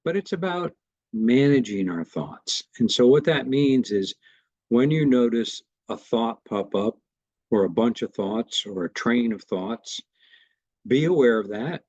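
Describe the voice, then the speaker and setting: A man teaching a meditation class, guiding the breath practice in a gentle, reassuring way. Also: mid-range voice, lively intonation, measured pace, dry recording, lo-fi sound. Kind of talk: guided meditation instruction.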